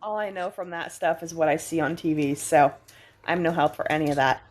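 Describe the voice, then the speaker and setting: A chatty woman from Idaho hosts a casual video-call conversation. She laughs often and slips into lively quoted voices as she tells stories. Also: low voice, a little fast. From Idaho, USA. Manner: chatty, laughing, animated retellings. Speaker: host.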